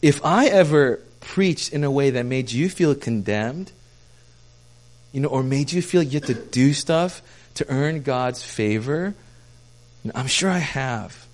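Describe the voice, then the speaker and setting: A man preaching a sermon as pastor, earnest, stumbling over repeated words and swinging between hushed and fervent passages. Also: medium pitch, animated, measured pace.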